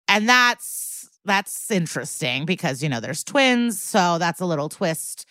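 A woman with a slightly low voice talks through a TV episode as a podcast co-host. Her delivery is loose and chatty, with lots of filler and casual swearing. The recording is dry and close, with no room sound. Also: sing-song, measured pace, hardly any pauses, sharp tone, dry recording. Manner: chatty, swears freely, heavy use of "like".

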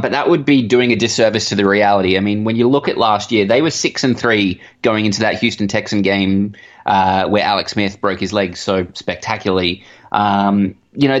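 A man with an Australian accent, answering interview questions as a guest analyst in a measured way with many ums. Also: on the low side. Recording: dull remote line.

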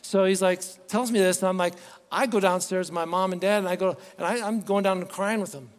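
A man's voice: high voice, steady tone, a little fast. A man preaching a sermon as pastor, earnest and pleading, often restarting his words. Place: church sanctuary. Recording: long reverb, faint music behind.

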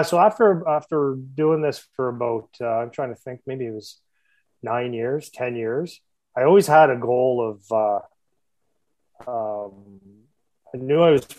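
A hockey skills coach, a man of ordinary pitch, spins a long story in casual conversation. He circles back, restarts sentences and adds laughing asides as he talks. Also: darkish tone, low-quality recording. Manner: rambling, self-interrupting, laughing asides.

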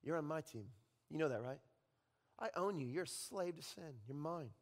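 A man's voice: on the high side, animated, moderate pace, voice pushed down. A man voicing a taunting male devil spirit who keeps hurling sneering accusations, in an echoey hall. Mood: low taunting.

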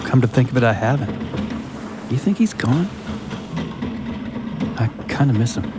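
A man's voice: mid-range voice, animated, moderate pace, close to an everyday voice. A man playing a sentimental surfer-ish guitarist. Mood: earnest. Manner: earnest, laid-back, emotional. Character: sentimental laid-back male guitarist, calls everyone bro. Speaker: actor. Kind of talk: audio drama acting. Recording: noisy ambience behind.

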